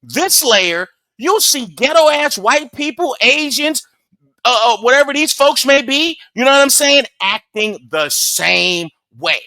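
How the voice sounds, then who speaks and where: A man's voice: very high voice, expressive, a little slow, sharp tone, no echo. A man hosting a reaction video, talking emphatically and preachily as he comments on footage. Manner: emphatic, preachy, keeps saying "come on".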